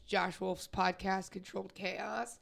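A woman comedian co-hosting a podcast, telling an animated story in casual chat and laughing as she goes. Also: medium pitch, slow pace, vocal fry.

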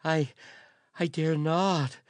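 A man putting on a high, panicked male courier. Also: drawn-out words, no room sound. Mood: pleading. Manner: breathless, pleading, stammering. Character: terrified panting male courier.

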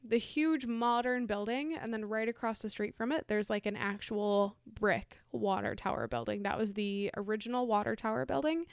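A woman's voice: a little high, expressive, normal speed, hardly any pauses, clean tone, no echo, studio quality. A woman co-hosting a casual podcast, reading ghost stories aloud in a chatty way, laughing easily and correcting herself. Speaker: podcast co-host.

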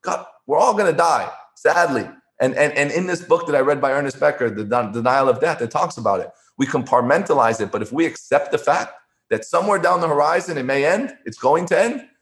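A former poker player speaks as an interview guest in a slightly high, expressive, fairly bright voice at a brisk pace. Earnest in his conversational storytelling, he repeats words and restarts often.

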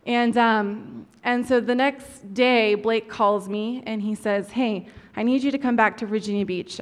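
A woman in her thirties giving an earnest personal testimony, her voice dropping soft at the heavy moments. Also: medium pitch. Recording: long hall reverb.

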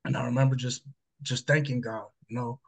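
A man at a middle pitch giving a heartfelt personal testimony as a guest. He talks in a loose, conversational rhythm and keeps checking in with a quick "right?". His telling is earnest and emotional. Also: fairly even intonation, gravelly, husky. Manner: conversational, ends phrases with "right?". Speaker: interview guest.

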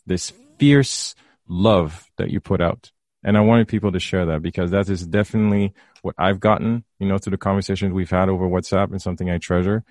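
A man with a very low voice hosting a podcast interview. He speaks earnestly and measuredly, with a dry, close sound. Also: a little mellow, no echo. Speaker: podcast host. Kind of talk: interview chat.

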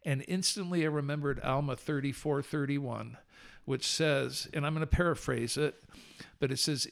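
A man telling an earnest personal faith story as a podcast guest, animated and shifting between slow solemn passages and quick telling. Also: a little high, creaky.

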